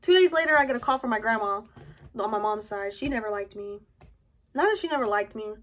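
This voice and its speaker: A young adult woman at home tells a personal story in a halting, casual way, full of fillers. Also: medium pitch, expressive, fairly bright tone, slight background noise. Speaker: vlogger. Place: at home indoors.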